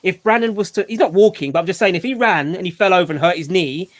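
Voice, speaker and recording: A man's voice: high voice, fast. A man hosting a casual group video chat, talking in a rambling way with many restarts and "you know"s. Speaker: channel host and father.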